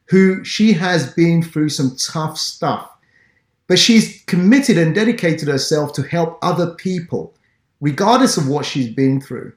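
A man's voice: fairly high pitch, lively intonation, unhurried, reverberant. A man from Ghana hosting an interview podcast, talking in an earnest, encouraging way. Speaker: podcast host.

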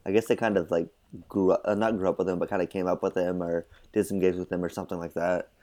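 Low-voiced man, rambling casual chat. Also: level tone, fast, warm tone. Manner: loose and hesitant, full of likes and uhs. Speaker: podcast co-host. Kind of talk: casual chat recapping a film.

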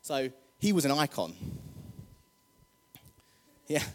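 A man's voice: on the high side, very animated, slow. A man preaching a casual, jokey sermon, chatty and rousing the congregation. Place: church hall. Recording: long hall reverb.

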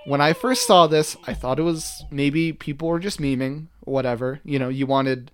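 A man's voice: fairly high pitch, steady tone, normal speed, clean tone, no room sound. A young man co-hosting a podcast, talking in a joking, rambling way with many fillers. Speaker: podcast co-host. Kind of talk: casual chat.

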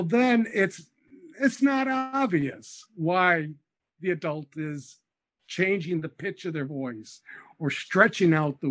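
A man being interviewed as an education expert, explaining methodically and patiently with small hesitations. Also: on the high side.

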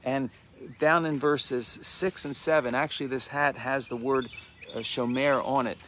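A man giving a devotional teaching in a conversational way, often restarting phrases and slowing down to read verses aloud. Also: mid-range voice, fairly even intonation, fairly bright tone, slight background noise. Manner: conversational, many restarts, slows to read scripture. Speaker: messianic teacher.

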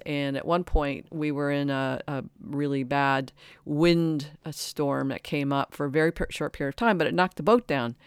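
A person in their sixties giving a reflective spiritual talk, earnest and halting, often restarting and correcting themselves. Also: mid-range voice, smooth, no room sound, studio quality. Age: 60s.

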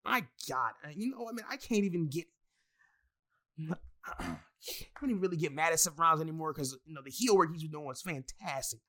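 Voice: medium pitch, expressive, brisk, fairly bright tone. A wrestling fan in a casual, profane rant full of exasperated asides and heavy swearing.

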